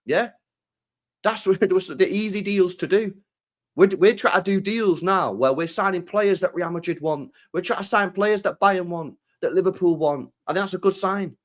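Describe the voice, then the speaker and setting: Animated high-voiced football fan. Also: male voice, normal speed. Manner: animated, swears a lot, acts out quoted voices. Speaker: podcast co-host. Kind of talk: casual football chat.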